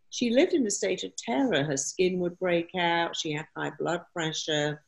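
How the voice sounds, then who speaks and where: A woman answering interview questions, lively and acting out quoted phrases. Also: lowish voice, rough recording. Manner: animated, acts out quoted phrases. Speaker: therapist guest.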